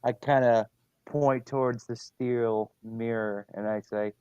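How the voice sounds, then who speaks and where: A man's voice: medium pitch, fairly even intonation, slow pace, a little mellow, clear, resonant tone, no echo. Guy player at a d&d table, joking around, muffled dry mic. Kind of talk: tabletop game chat.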